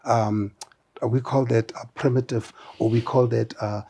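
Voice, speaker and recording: Husky-voiced guy in an interview, lots of uh's and restarts, mid pitch, gets animated. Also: unhurried. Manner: animated, many hesitations and restarts. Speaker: interview guest, brand founder. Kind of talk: conversational interview.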